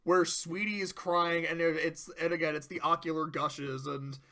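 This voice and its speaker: Guy with a high bright voice chatting through a cartoon recap, swears a lot, acts out the quotes. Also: moderate pace. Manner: animated storyteller who swears and acts out quotes. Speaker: video reviewer. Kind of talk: casual episode recap and commentary.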